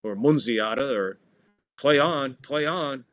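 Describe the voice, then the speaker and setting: A man with a medium-pitched, fairly bright voice takes his time as he hosts a podcast with casual live play-by-play of a football match. He jokes around and playfully mangles foreign names.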